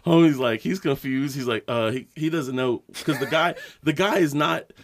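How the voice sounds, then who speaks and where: A man's voice: mid-range voice, moderate pace, slight background noise. A man co-hosting a podcast, telling a rambling story in casual chat, swearing and laughing as he goes. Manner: rambling, animated, swears a lot, laughs often. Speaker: podcast co-host.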